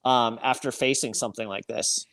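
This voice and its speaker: A man's voice: mid-range voice, steady tone, moderate pace, a bit bright. A man speaking as a podcast guest, talking earnestly and reflectively with frequent restarts. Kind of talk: reflective conversation.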